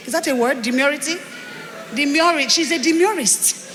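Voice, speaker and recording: A woman's voice: high-pitched, fairly quick, fairly bright tone. A woman emceeing a live event with a Nigerian accent, joking and playful, coining made-up words. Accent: Nigerian English. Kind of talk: live stage hosting. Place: large event hall. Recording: reverberant hall through PA.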